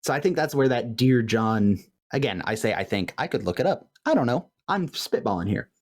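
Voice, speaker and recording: A man co-hosting a podcast in casual recap chat, animated and laughing often as he quotes lines. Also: mid-range voice, a little fast. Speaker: podcast co-host. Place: home room with light fan noise.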